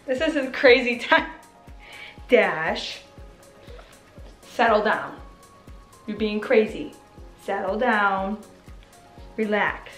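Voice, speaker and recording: Speaking extremely slowly and pausing often, a woman in her twenties with a medium-pitched voice vlogs casually from home while music plays in the background. She talks playfully to her viewers and uses baby-talk with her puppy.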